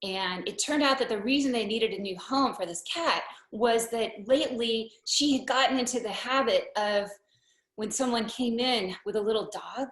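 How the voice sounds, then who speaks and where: A woman telling a personal story live on stage, unhurried and wry, with deadpan asides. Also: a little high. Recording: roomy hall echo.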